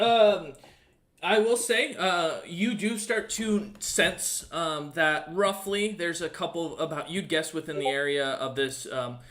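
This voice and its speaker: Slightly high-voiced male dungeon master. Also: a bit bright. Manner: rambling narration full of ums and uhs. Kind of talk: narrating a tabletop game.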